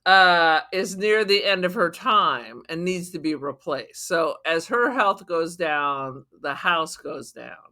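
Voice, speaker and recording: A woman co-hosting a podcast in casual chat, blunt and swearing, tossing in quick silly voices. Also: lowish voice, sharp tone. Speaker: podcast co-host. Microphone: remote podcast mic.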